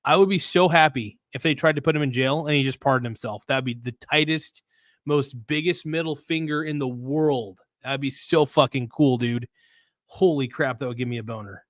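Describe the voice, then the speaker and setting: In a dry, close-sounding room, a male livestream host with a mid-range pitch speaks at normal speed. He's blunt and loose, full of slang and swearing, reading out viewer comments and rambling as he restarts sentences.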